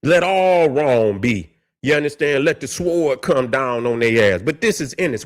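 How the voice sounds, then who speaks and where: A man's voice: mid-range voice, lively intonation, moderate pace. A man hosting a commentary vlog. He rants heatedly and swears a lot, stumbles over words, and reads case histories aloud between outbursts. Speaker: commentary channel host.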